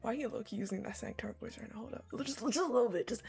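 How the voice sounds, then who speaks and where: A woman streaming a game playthrough, chatting excitedly and reading the game text aloud. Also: on the high side, very fast, gravelly, breathy edge, soft background music. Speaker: gaming streamer. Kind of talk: live game playthrough commentary.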